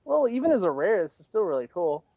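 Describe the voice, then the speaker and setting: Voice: mid-range voice, sing-song, fast talker, dry recording. Hesitant panelist over dull, dry call audio. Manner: hesitant, self-deprecating. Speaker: podcast panelist. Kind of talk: casual chat.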